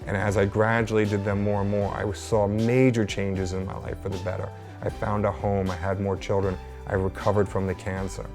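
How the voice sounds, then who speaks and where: Low-voiced man telling his story. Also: little pitch movement, a little fast, hardly any pauses, music in the background. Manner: earnest storytelling, acting out quoted voices. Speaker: interview guest. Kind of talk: personal faith testimony.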